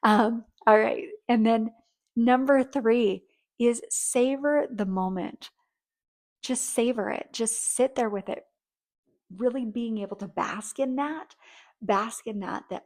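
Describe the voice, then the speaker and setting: Vrouw met krakerige stem die kletsend advies geeft. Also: female voice, a little high, takes it slowly, darkish tone. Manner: chatty and rambling, acts out sweet thank-yous. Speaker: relationship coach. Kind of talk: casual advice talk.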